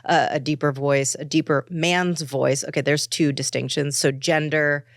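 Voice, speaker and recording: A woman in her forties from New York, talking in a casual podcast chat with a low voice. She is animated and keeps dropping into playful high voices when she quotes someone. The recording is dry and close. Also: moderate pace, dry recording. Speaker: podcast guest.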